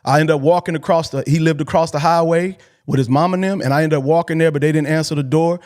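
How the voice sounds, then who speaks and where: A man's voice: fairly high pitch, steady tone, quick pace, darkish tone. A man telling a personal story on a call-in show in an earnest, colloquial way, emotional and near tears, repeating himself as he goes. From Texas. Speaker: host.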